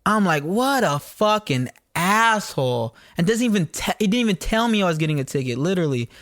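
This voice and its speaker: A man's voice: sits high, very fast, no room sound, clean studio sound. A young man, co-hosting a podcast and telling casual stories with lots of swearing. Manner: swearing, animated storyteller. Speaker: podcast co-host. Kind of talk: casual storytelling chat.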